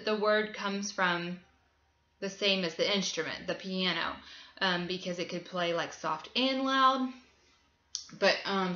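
A woman's voice: medium pitch, pushed and bright, roomy sound, dull audio. A woman music teacher casually walking other teachers through a lesson plan, chatty with frequent ums. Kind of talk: tutor explaining a lesson plan.

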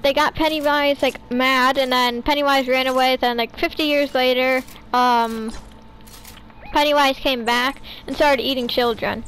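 A woman with a high, light voice tells a long, meandering story over casual voice chat during a game. She fills it with "like" and "um" and keeps going in an easy flow, with faint noise behind her. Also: fairly even intonation, a little slow, a bit bright, low-quality recording. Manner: rambling storyteller, full of "like" and "um". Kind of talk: casual voice chat while gaming.

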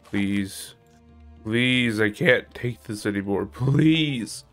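Swearing streamer yelling at a hard game. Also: male voice, on the low side, extremely slow, faint music behind. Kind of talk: casual gameplay commentary.

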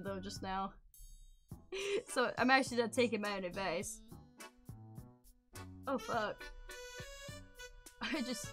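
Hyper young woman streamer, high and bright, swearing, yelling, faint music behind. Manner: loud, hyper, swearing, sudden yells. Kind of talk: casual chat with viewers. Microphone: streaming desk mic.

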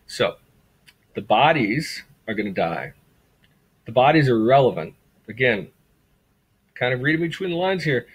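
A man's voice: medium pitch, lively intonation, moderate pace, long pauses, husky, low-quality recording. A man lecturing a class in a conversational way, often repeating words for emphasis and asking rhetorical questions. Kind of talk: classroom lecture on a graphic novel.

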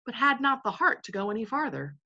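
A woman's voice: a little high, big pitch swings, brisk, sharp tone, slightly rough, muffled recording, full character voice. A woman voicing a male sailor who speaks earnestly and bluntly to the crew. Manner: earnest and plain-spoken.

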